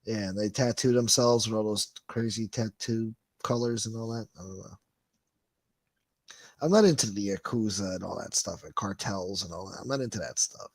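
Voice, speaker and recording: Reading viewer comments on his casual livestream, this host rants in a profane, sarcastic way. His voice is fairly low, his pace moderate, and the audio has no echo.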